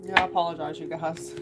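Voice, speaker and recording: A woman's voice: fairly low pitch, measured pace. A woman hosting a live tarot reading stream, chatting casually and rambling to her viewers. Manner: chatty, rambling, addresses viewers as you guys. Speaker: tarot reader livestream host. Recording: singing bowl music playing behind.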